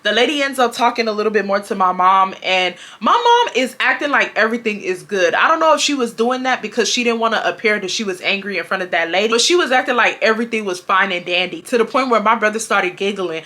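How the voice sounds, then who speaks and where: A woman, telling a casual storytime to her viewers in a chatty, animated way. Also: medium pitch, fast talker, hardly any pauses. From Houston, Texas. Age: 20s.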